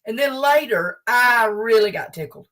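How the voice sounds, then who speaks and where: Woman, older, humorist, comic storytelling, animated, laughing. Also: fairly high pitch, moderate pace, recorded from a distance. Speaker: guest humorist.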